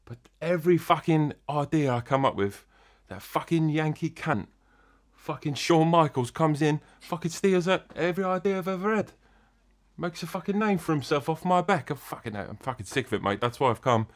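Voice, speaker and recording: A man's voice: on the high side, expressive, normal speed, lightly acted. A man playing a crude, swaggering old-school British wrestling legend, swearing constantly as an interview guest. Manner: swears constantly, cocky geezer bravado.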